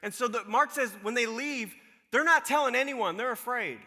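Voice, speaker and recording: A male pastor preaching in a casual, storytelling way, slipping into the voices of the people he describes. His voice is high and very bright. A long hall reverb hangs on every phrase. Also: moderate pace. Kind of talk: sermon.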